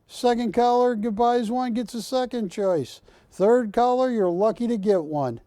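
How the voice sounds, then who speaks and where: A man hosting a live shopping channel, pitching art to callers with persuasive repetition. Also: unhurried, warm tone, no room sound, studio quality. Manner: persuasive, repeats words for emphasis. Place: TV studio.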